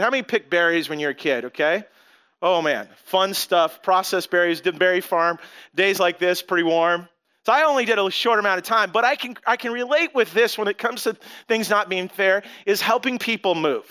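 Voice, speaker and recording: A man preaching a sermon in a conversational, storytelling way, with animated asides to the congregation. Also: high voice, smooth. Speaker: pastor.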